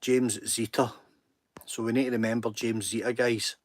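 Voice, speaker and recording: A man's voice: mid-range voice, level tone, normal speed, no echo. Earnest Scottish man hosting a livestream. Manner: earnest and self-deprecating, chatty. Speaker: livestream host. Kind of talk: casual live-stream chat.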